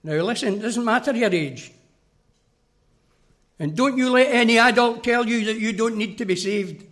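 A man's voice: very high voice, moderate pace, a bit bright. A man preaching a sermon, earnest and direct, speaking straight to the children.

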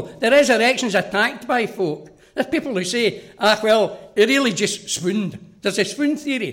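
A high-pitched man preaches a sermon. He is earnest and direct and speaks straight to the children listening. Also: fairly bright tone.

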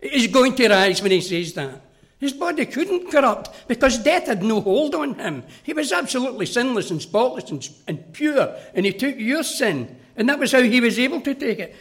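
A man's voice: extremely high pitch, sing-song, normal speed, fairly bright tone. A man preaching a sermon, earnest and direct, speaking straight to the children.

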